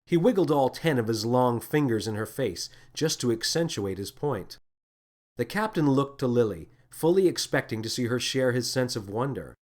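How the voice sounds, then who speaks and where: A man's voice: mid-range voice, lively intonation, moderate pace. Man narrating a storybook.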